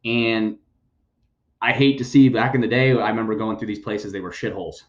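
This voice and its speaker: A man's voice: fairly low pitch, steady tone, a little fast, roomy sound, lo-fi sound. A man hosting a podcast, giving blunt, sarcastic news commentary and swearing freely. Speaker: podcast host.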